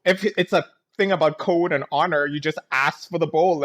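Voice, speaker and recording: A man's voice: on the high side, normal speed, fairly bright tone. A man talking casually as he reacts to a movie, exasperated and rambling, often groaning and laughing at it. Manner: keeps restarting and saying "anyways, let's keep going".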